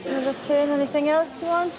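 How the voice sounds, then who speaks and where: A woman's voice: high voice, steady tone, fast talker, close to an everyday voice. A woman with a Geordie accent playing a friendly, reassuring food bank volunteer in a film scene. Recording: film soundtrack with crowd noise.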